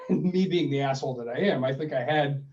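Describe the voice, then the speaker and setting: A man's voice: mid-range voice, normal speed. A male podcast co-host in casual chat, giving money advice and acting out phone calls as he tells stories. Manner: animated storyteller, acts out phone calls. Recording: roomy, distant, dull sound.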